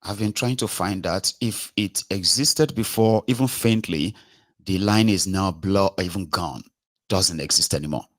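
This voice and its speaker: A Nigerian man with a Nigerian accent and a low-pitched voice delivers a political monologue as its host. He argues with force, circles back on his points and keeps asking the listener whether they follow. The sound is dry, with no room in it. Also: normal speed, no echo. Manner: emphatic, argumentative, repeats rhetorical questions to the listener.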